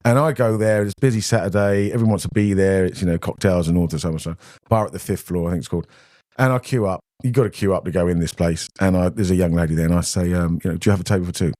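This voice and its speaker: A man's voice: low-pitched, fast talker, dark tone, no echo, studio quality. A British man, a podcast guest, telling rambling anecdotes in casual conversation and acting out the voices of people he quotes. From Britain. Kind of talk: casual storytelling.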